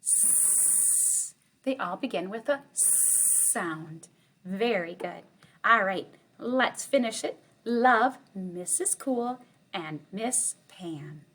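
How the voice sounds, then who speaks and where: A woman's voice: medium pitch, animated, a bit bright. A woman kindergarten teacher giving a cheerful online morning lesson to young children, sounding out letters and counting with them. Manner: cheerful, slow and sing-song, sounding out letters.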